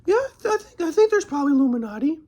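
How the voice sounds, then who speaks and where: A man mimicking his pushy older grandfather in a strained, high, exaggerated voice. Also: big pitch swings, fast talker, dark tone. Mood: mocking. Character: pushy old grandfather preaching hard work.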